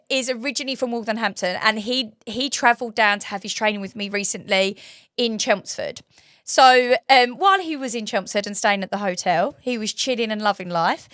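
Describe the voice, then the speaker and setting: A woman's voice: fairly high pitch, a bit bright, no room sound, clean studio sound. A woman hosting a casual chat as a waxing trainer, talking in a chatty, gushing way with many restarts.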